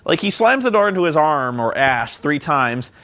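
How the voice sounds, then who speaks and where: Guy snarking through a wrestling recap, fairly high voice, jumps into goofy voices for the people he quotes. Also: big pitch swings, moderate pace, bright, forceful tone. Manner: sarcastic, mocking, acts out quotes in silly voices. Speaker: reviewer.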